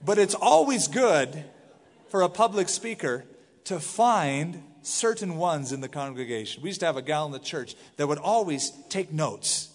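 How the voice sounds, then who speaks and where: A middle-aged man, a pastor, giving a conversational verse-by-verse sermon, reading scripture aloud and adding lively asides. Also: a little high, normal speed. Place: church sanctuary. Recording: long hall reverb from the sanctuary.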